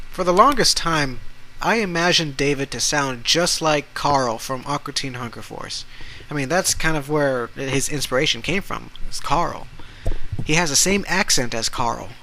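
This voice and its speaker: Halting young man podcasting. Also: fairly high pitch, sharp tone, slight background noise, rough recording. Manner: halting, many restarts and fillers. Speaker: podcast host. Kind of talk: casual solo podcast.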